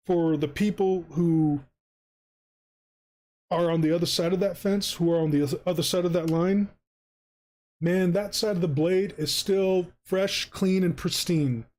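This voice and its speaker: A man's voice: high-pitched, a little mellow. Angry swearing streamer man. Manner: heated, swearing, sarcastic mock-campaign speech. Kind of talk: angry profane rant while drawing on stream.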